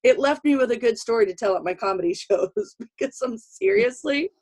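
A woman's voice: fairly high pitch, fast talker. A middle-aged woman hosting a podcast, telling stories in casual chat and laughing often. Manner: animated storyteller, laughs often. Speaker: podcast host.

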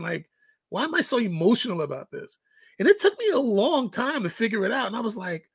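A man's voice: high-pitched, big pitch swings, a little fast, slightly rough, dry recording. A middle-aged man and father telling a parenting story in casual chat, acting out the quoted lines. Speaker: guest, fitness coach and father.

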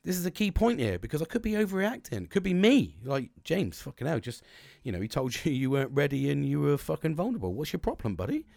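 A man's voice: on the high side, big pitch swings, fast, vocal fry, darkish tone, no echo, studio quality. A middle-aged man, ranting in a sweary, rambling monologue with bursts of laughter. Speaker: podcast host.

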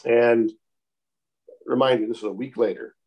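Calm, unhurried man telling a story. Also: mid-range voice. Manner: calm, unhurried, repeats "I said" often. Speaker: interview guest telling a story. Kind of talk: casual storytelling.

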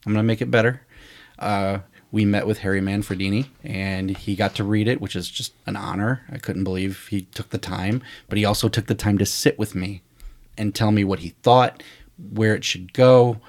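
Profane storytelling man, low voice. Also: fairly even intonation, moderate pace. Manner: storytelling, acting out quoted dialogue; profane, candid. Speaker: screenwriter. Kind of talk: casual podcast conversation.

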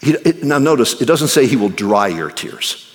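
A male pastor preaching a sermon. He swings between ringing exclamations and hushed, near-whispered passages. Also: medium pitch, very animated, moderate pace. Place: church sanctuary. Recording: long reverb of a large hall.

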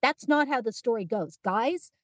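A woman voicing an upset young girl who is earnest and close to tears, her voice pitched high and pleading. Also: animated, moderate pace, no room sound, close to an everyday voice.

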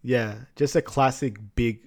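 A man's voice: mid-range voice, measured pace. Easygoing man in a podcast chat. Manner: easygoing, agreeable, lots of fillers. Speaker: podcast co-host. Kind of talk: casual movie recap chat.

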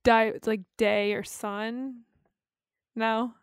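A woman's voice: on the high side, flat delivery, slow pace, clean tone, no echo, studio quality. A woman co-hosting a podcast in casual chat, talkative, laughing often and swearing freely. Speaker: podcast co-host.

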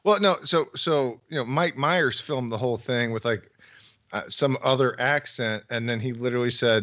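A man's voice: medium pitch, moderate pace, fairly bright tone. Snarky podcast guy, cusses a lot, kinda muffled mic. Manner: sarcastic, swears freely. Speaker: podcast co-host. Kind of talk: casual movie podcast chat.

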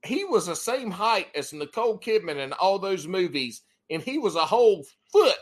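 A man's voice: high-pitched, sing-song, moderate pace. A man co-hosting a podcast, trading crude jokes and teasing in casual banter. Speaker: podcast co-host.

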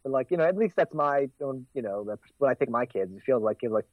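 A man's voice: medium pitch, quick pace, no echo, narrow, tinny audio. An American man in his forties, co-hosting a casual podcast chat and rambling with lots of fillers and restarts. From United States. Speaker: podcast co-host.

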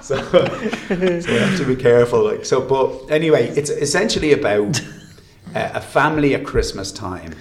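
An Irish man chatting as a guest, rambling and often restarting his sentences. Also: fairly low pitch. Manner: rambling, self-interrupting storyteller. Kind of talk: casual chat. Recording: roomy echo.

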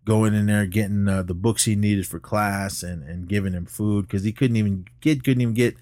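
A man co-hosting a podcast, recapping a film in a casual, animated way and often laughing while he talks. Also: normal speed, dry recording, clean studio sound. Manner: animated retelling, jumps up in pitch when quoting characters. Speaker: podcast co-host.

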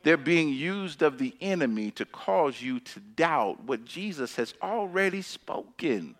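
A pastor with a fairly high voice and wide pitch swings reads scripture slowly during a sermon, then shifts into casual talk, alternating between loud, emphatic lines and hushed ones.

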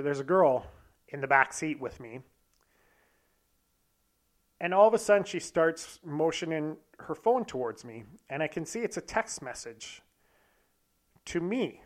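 A young man casually telling a candid, profane, self-deprecating story about himself. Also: a little high. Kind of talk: casual anecdote monologue.

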